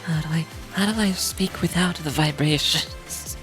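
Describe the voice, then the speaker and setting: A woman's voice: measured pace, fairly bright tone, soft background music. A woman putting on a grainy young man. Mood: testing. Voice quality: low, chesty, grainy. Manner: experimental, trying out voice placements.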